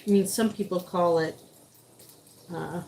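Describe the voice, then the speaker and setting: Woman, slightly low voice, casual live-stream cooking chat, faint sizzle behind. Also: steady tone, unhurried, gravelly, a little mellow, slight background noise, low-quality recording. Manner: chatty, greets viewers while cooking.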